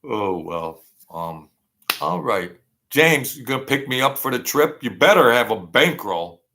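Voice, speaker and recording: A man's voice: mid-range voice, very animated, measured pace, gravelly, sharp tone. A man hosting a casual livestream, rambling and thanking viewers by name as he reads their comments. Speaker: channel host.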